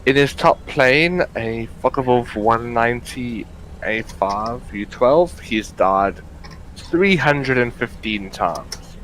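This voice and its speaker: A man's voice: mid-range voice, expressive, takes it slowly, fairly bright tone, slight background noise, poor audio. A man streaming a flight sim, chatting casually on a headset with dry, wry remarks. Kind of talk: casual gaming chat.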